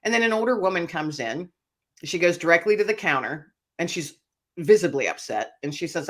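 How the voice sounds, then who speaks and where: A woman author being interviewed, telling a personal story in an animated, emotional way. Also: lowish voice, brisk. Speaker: author and speaker, guest.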